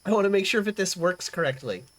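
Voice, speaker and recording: A woman's voice: medium pitch, expressive, quick pace, fairly bright tone, slight background noise. A young woman hosting a live stream, chatting casually, rambling and swearing freely as she reacts to chat. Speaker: livestream host.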